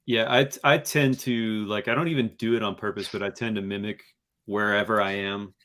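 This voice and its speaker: A man's voice: lowish voice, fairly even intonation, fairly quick, a bit bright. A man from Kentucky in casual chat, correcting himself with dry humor.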